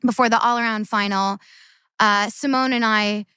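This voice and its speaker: A woman's voice: fairly high pitch, fairly even intonation, normal speed, bright, forceful tone, smooth, no room sound. Earnest woman telling stories. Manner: earnest, tumbling storytelling with repeated phrases. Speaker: guest, former Olympic gymnast. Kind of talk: casual chat.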